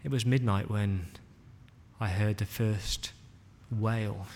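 A male preacher retelling a scripture story in the first person as a child eyewitness, with dramatic pauses. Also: medium pitch, fairly even intonation. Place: church hall. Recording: long hall reverb.

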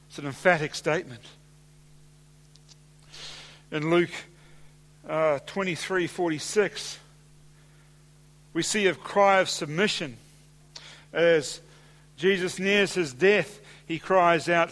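A man delivers a sermon from the pulpit in a fairly high voice, steady and deliberate. He eases into softer, slower phrasing when quoting scripture. The sound carries a long church-hall reverb. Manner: measured preaching, slowing and softening for scripture quotes. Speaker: pastor.

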